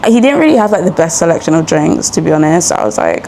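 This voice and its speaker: A woman's voice: low voice, fast, gravelly, a little hiss or hum. A young woman, a sleep-deprived new mother, telling a rambling story in a casual vlog while walking outdoors. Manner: chatty, rambling, animated retelling. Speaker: vlogger. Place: outdoors on a street walk.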